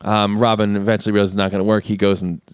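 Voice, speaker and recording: Man, co-host, smooth resonant voice, dry close mic, chatty movie recap with silly voices. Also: fairly low pitch, little pitch movement, racing, no room sound. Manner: retells scenes with put-on character voices. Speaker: podcast co-host. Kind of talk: casual movie recap chat.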